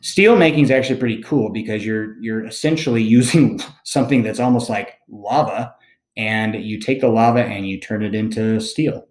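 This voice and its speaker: A man teaching a recorded lesson, explaining in a relaxed, conversational way and often checking in with "okay?". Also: lowish voice, normal speed, echoey room. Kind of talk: recorded classroom lecture.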